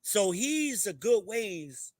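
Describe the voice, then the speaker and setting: A middle-aged man talks straight at his audience in a blunt, profane rant, pitched a bit higher than most men. The sound is close and dry, with no room around it. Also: sing-song, slow, darkish tone, no room sound. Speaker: show host. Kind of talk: ranting commentary to a live chat.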